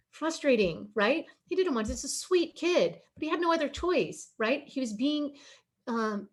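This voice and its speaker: Earnest woman presenting a webinar. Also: mid-range voice. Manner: earnest, pleading, emotional.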